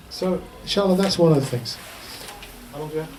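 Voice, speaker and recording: A man's voice: on the high side, fairly quick, a little mellow. Chatty male teacher, distant mic. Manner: chatty, humorous storytelling with repeated chanting. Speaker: Islamic teacher. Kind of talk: informal teaching talk. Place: lecture room. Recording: distant mic with faint background noise.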